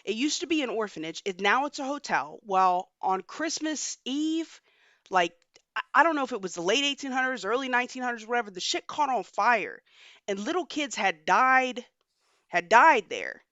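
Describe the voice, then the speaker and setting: A young woman hosting a podcast, telling a story in a casual, animated way and cursing freely. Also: fairly high pitch, moderate pace, dry recording, muffled recording. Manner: animated, profane storytelling with slang. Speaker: podcast host.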